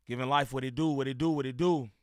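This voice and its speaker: A man livestreaming, reacting to a video and shouting out his chat in loose, slangy street talk with frequent laughs. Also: medium pitch, fairly even intonation, quick pace, smooth, dry recording, clean studio sound. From Inland Empire, Southern California. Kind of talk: live-stream reaction and chat shout-outs.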